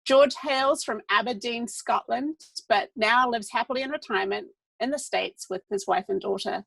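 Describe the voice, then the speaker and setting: A woman's voice: a little high, normal speed, vocal fry, fairly bright tone, husky, no room sound, poor audio. A woman with a New Zealand accent, playfully introducing a guest speaker. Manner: playful, upbeat.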